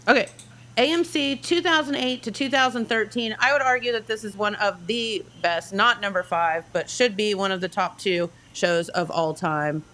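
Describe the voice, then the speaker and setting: Bright-voiced woman quizzing by phone. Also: mid-range voice, rough recording. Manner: upbeat, laughs often, reads clues with pauses. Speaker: guest caller. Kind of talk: casual chat, quiz reading.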